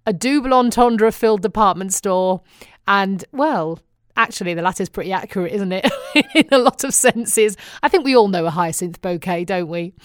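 A woman with a British accent talks to her viewers in a loose, chatty monologue. Her humour is wry and self-mocking, and she breaks into laughter often. Her voice sits in a middle pitch and the recording is close and dry, with no room echo. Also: normal speed, clear, resonant tone. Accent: British English. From England. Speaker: vlogger. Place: living in Phoenix, Arizona.

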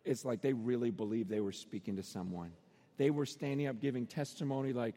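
A middle-aged man preaching a sermon, telling stories and acting out the voices of the people in them, with sudden shouts. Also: medium pitch, brisk. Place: arena. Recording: long reverb of a large arena.

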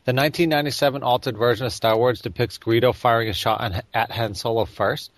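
A man's voice: mid-range voice, fast talker, no room sound. Man, co-host, incredulous, stammers, dry close sound. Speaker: radio co-host. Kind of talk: casual chat.

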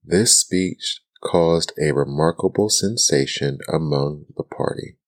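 A man reading a bedtime story in a soft-spoken ASMR style, calm and soothing, close to the mic. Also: very deep voice, slow.

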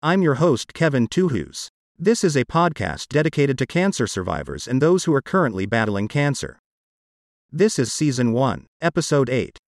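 A man's voice: medium pitch, big pitch swings, moderate pace, vocal fry, no echo, studio quality. Computer-generated male host voice. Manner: synthetic, evenly paced reading. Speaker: podcast host. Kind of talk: scripted narration.

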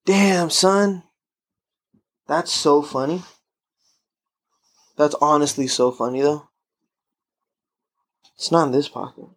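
A man's voice: a little high, slow pace, pauses often, no room sound. A man hosting a casual solo podcast, rambling and laid-back with a lot of swearing, talking close to the microphone. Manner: rambling, profane, laid-back stoner talk. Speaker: podcast host.

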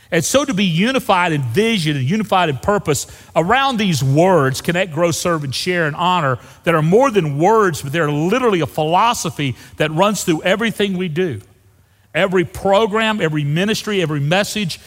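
A man preaches to his congregation with a lively, swooping delivery that sits a little high. He hammers his points, then drops to a hushed low for the key phrases. His voice rings out with the long reverb of a church hall. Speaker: pastor. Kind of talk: sermon. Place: church sanctuary.

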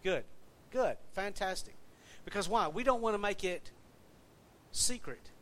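A pastor from the American South with a Southern accent preaches in a relaxed, folksy way, chatting with his congregation and quizzing them as he goes. His voice sits a little higher than most men's. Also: unhurried. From Southern United States. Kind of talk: sermon.

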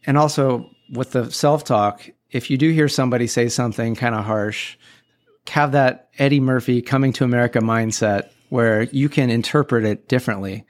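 A man's voice: mid-range voice, steady tone, normal speed. A man hosting a podcast, talking casually and giving upbeat, encouraging self-help advice with a playful touch. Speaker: podcast host.

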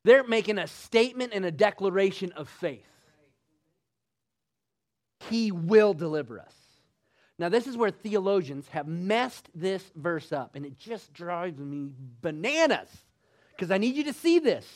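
A man preaching a sermon emphatically, asking the congregation rhetorical questions and rising to loud bursts. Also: high voice, lively intonation, unhurried.

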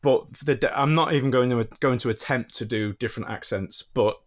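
A man's voice: mid-range voice, fairly quick. Easygoing Yorkshire man as a guest. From North Yorkshire, England. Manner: easygoing, hesitant with fillers. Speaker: podcast guest. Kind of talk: casual interview chat.

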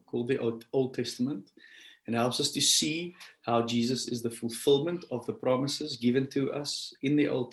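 A man preaching a sermon, earnest and animated, stretching key words as he speaks. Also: medium pitch, roomy sound, poor audio. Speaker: pastor.

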